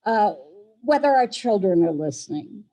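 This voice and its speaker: An older woman, a Holocaust educator, giving measured, earnest testimony over a laptop microphone from a friend's apartment. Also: mid-range voice, very animated, dark tone, low-quality recording. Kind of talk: prepared testimony talk.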